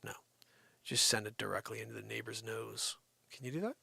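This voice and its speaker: A man hosting a live comedy stream, rambling and teasing an unseen sidekick with a steady stream of "you know.". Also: on the low side, fairly quick, creaky, slightly rough, no echo. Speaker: livestream comedy host. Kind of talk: improvised comedic rant.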